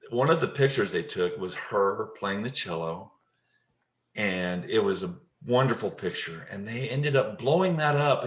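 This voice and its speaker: A middle-aged man with a lowish voice tells a heartfelt story in a halting way, often repeating words as he goes, tender and moved throughout. The sound is dull and lo-fi, with a roomy echo around him, as if he is on a video call. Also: a bit bright. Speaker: touch therapy practitioner and teacher. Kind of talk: emotional storytelling interview.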